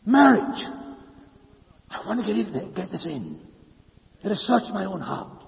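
A man preaching a sermon, swinging between loud declarations and hushed speech. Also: sits high, big pitch swings, unhurried, vocal fry. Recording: lo-fi with long hall reverb.

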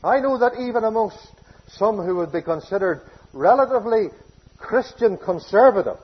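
A man preaching a sermon, emphatic, with loud declarations that drop to hushed phrases. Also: sits high, expressive, normal speed, husky. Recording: dull lo-fi sermon recording.

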